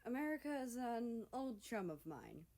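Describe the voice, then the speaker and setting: A man's voice: very high voice, very animated, measured pace, darkish tone, pitched above the performer's own voice, exaggerated voice. A woman voicing an older man, a personified country and a father, with a dry, mocking way of talking.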